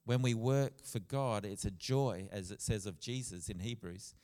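A man preaching a sermon in a church, earnest, with soft passages and loud emphatic bursts. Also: lowish voice, moderate pace. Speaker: pastor. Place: church hall. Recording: long church reverb.

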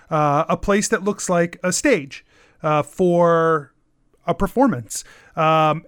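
A man narrating a tabletop game as game master, describing scenes slowly with many fillers. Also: fairly high pitch, fairly bright tone, clean tone, dry recording, studio quality. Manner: slow, filler-heavy description.

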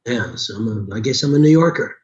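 A middle-aged man with a hoarse, sore-throated voice talks in a relaxed, rambling way. His pitch sits in an ordinary middle range. The sound is a little dull and muffled, like a lo-fi recording. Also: brisk. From Chicago, USA. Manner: rambling, with frequent restarts. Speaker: voice actor and audiobook narrator. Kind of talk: casual conversation.

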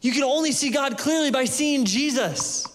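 High-voiced man preaching in a reverberant hall. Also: normal speed. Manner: passionate, conversational preaching with jokes. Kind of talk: sermon.

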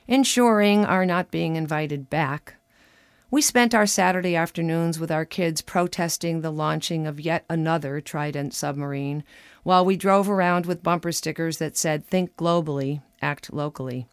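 A woman's voice: sits low, moderate pace, clear, resonant tone, no echo. A woman commentator reading her own wry personal essay in a conversational way, slipping into quoted dialogue.

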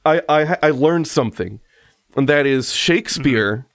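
A man's voice: a little high, measured pace, dry recording, studio quality. A man co-hosting a podcast, chatting casually and telling stories with lots of laughter. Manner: animated, laughing storyteller. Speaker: podcast co-host. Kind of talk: casual chat.

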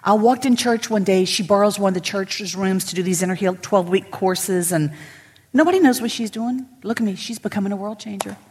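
A middle-aged woman pastor, preaching emphatically to women and swinging from loud to whispered. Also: medium pitch, fairly quick, breathy edge, in a large hall. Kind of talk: sermon to women. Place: church sanctuary.

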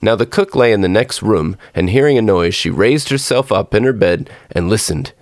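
Male storyteller for a fairy-tale reading; low, measured, expressive delivery, dry close mic. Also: dry recording. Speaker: podcast storyteller. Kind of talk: scripted storybook narration.

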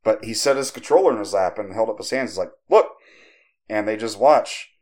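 A man hosting a podcast, casually telling a creepypasta story with profanity and lively quoted voices. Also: on the low side. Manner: conversational, profane, animated when quoting others. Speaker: podcast host.

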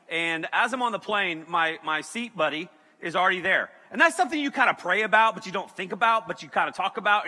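Animated high-voiced preacher in a hall. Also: male voice. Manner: animated, keeps checking in with "okay?". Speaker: pastor. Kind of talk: comedic sermon storytelling.

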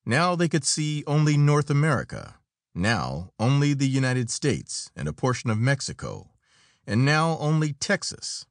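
A male narrator reads an adventure story in a dramatic storytelling style. His pitch rises and falls a great deal, and the recording is dry and close with no room echo. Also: sing-song, measured pace. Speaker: audiobook narrator. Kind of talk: scripted narration.

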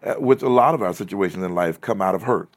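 A low-pitched man hosting a casual podcast conversation. He fills in with soft affirmations and answers in a reflective, measured way.

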